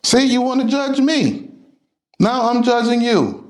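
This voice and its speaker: A man's voice: extremely high pitch, animated, a little slow, a little mellow. A man teaching a religious class in an emphatic, confrontational lecturing manner.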